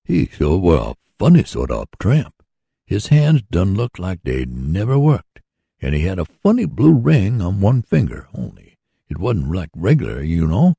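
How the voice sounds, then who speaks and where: A folksy, rambling older workman speaks in a deep, gravelly voice, as a man reads him aloud. He sounds earnest and plain-spoken, with a husky edge. It is a storybook reading in a dry, close recording. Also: huge pitch swings, unhurried, dark tone, no echo, full character voice. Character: hard-working older man running a mule sawmill.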